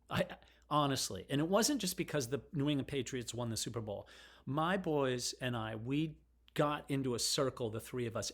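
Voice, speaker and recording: Middle-aged guy rambling to his camera, frank, wanders off topic, mid-pitched voice. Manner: rambling and digressive, frank and emotional. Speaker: vlogger. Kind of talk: casual rambling monologue.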